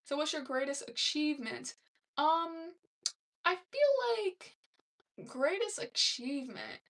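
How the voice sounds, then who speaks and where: A woman's voice: sits high, animated, slow pace, fairly bright tone, far from the mic. A young woman hosting a casual live stream, chatting loosely and laughing as she reads comments aloud. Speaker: livestream host.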